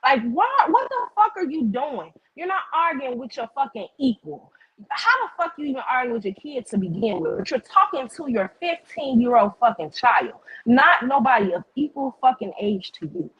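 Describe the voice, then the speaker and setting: A woman host tells a heated story to her stream, profane and animated. Her voice is husky and sits a bit high. She is recorded dry and close, with no room sound. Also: moderate pace, no room sound, dull audio. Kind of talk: casual storytelling to viewers.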